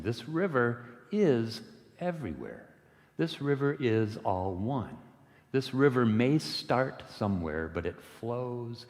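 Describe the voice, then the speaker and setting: Deep-voiced man telling a parable in church. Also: big-room sound. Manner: unhurried, gentle retelling of a parable. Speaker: lay worship speaker. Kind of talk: storytelling sermon. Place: church sanctuary.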